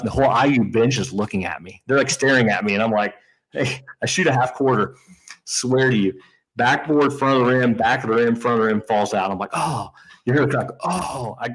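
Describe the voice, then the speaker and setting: A man's voice: medium pitch, breathy edge, rough recording. A man in his thirties from Indiana, co-hosting a casual chat and telling a story with lots of restarts and quoted asides. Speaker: podcast co-host.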